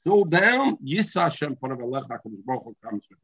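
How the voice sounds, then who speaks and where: Guy giving a talmud class, husky voice, muffled lo-fi recording. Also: mid-range voice, big pitch swings, fast talker, a bit bright, dry recording. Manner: mixes English with Hebrew and Yiddish terms, restarts often. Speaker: Talmud teacher. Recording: dull lo-fi recording.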